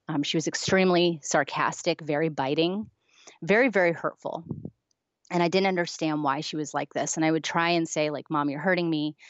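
A woman with a deep, low voice shares a painful personal story as a guest. She tells it earnestly and acts out the dialogue. The sound is dry and a little muffled. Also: no echo. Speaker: guest author. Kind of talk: personal testimony in an interview.

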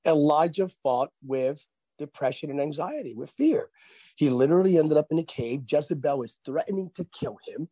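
Male pastor guest, fairly high for a man, husky and warm, sermon cadence on talk radio. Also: expressive, dry recording. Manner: emphatic, preacher-like cadence, drawn-out stressed phrases. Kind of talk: preaching on a radio talk show.

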